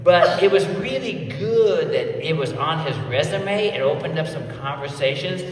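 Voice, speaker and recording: A man in his sixties, a police officer, telling stories to a scout group with lively acted voices. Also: a little high, moderate pace. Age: 60s. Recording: echoey hall from far off.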